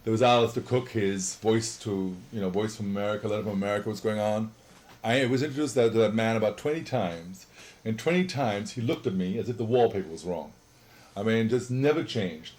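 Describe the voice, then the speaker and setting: A man's voice: lowish voice, fairly quick, darkish tone. A middle-aged man reminiscing in a casual interview, an exuberant, rambling storyteller.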